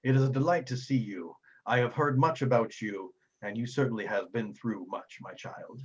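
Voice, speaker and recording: A man's voice: medium pitch, moderate pace, slightly rough, natural voice. A man doing a gracious old priest. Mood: welcoming. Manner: formal, solemn speech. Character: kindly old male priest, gracious and grave. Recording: slightly muffled recording.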